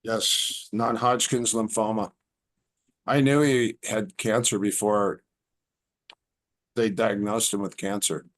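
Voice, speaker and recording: Low-voiced man telling rambling stories. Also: steady tone, takes it slowly, pauses often. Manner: rambling anecdotes with acted-out quotes. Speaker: podcast guest. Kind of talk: casual storytelling.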